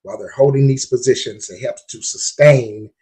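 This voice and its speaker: A man hosts a podcast on investing. His voice is husky and slightly rough. He talks in an emphatic, preachy way and repeats points for effect. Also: mid-range voice, normal speed, warm tone, low-quality recording. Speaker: podcast host. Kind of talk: casual podcast talk on investing.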